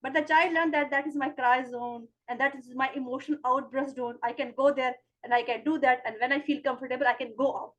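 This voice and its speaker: Group member, high voice, casual talk over a video call. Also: female voice, fairly even intonation, a little fast, few pauses, fairly bright tone, lo-fi sound.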